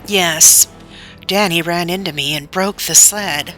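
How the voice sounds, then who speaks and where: A woman's voice: lowish voice, takes it slowly, bright, forceful tone, faint music behind, pitched above the performer's own voice, poor audio. A woman reading aloud, voicing an injured schoolboy who pleads in pain. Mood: pained, pleading. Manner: pained, pleading.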